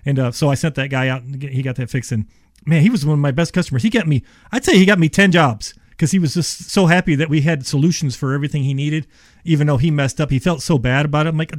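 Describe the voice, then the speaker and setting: A man's voice: fairly high pitch, fast talker, no echo, studio quality. A middle-aged contractor man telling rambling work stories as a radio guest, full of quoted dialogue. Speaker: attic service contractor guest. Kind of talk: casual storytelling on radio.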